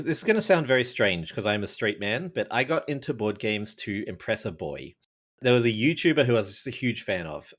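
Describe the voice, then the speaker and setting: A man's voice: on the low side, fairly bright tone. A man with an Australian accent, a game designer chatting as a guest on a podcast over a remote call, telling stories in a jokey, self-deprecating way. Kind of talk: casual podcast chat.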